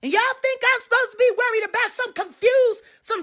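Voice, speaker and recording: A middle-aged woman giving a heated, profane live stream rant that swings between sharp insults and weary muttering. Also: very high voice, brisk.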